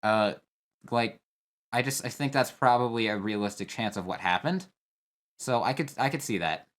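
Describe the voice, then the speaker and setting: A young competitive player reacts casually to a game trailer, rambling and thinking aloud with fillers and restarts. His mid-range voice is fairly bright, with lively intonation at a moderate pace.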